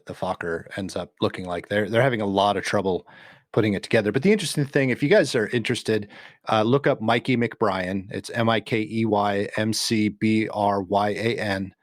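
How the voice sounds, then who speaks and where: A man with a low voice talks casually on a podcast. He tells stories in a relaxed way, with fillers and small restarts. The sound is dry and close. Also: moderate pace, dry recording. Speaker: podcast co-host. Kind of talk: casual chat.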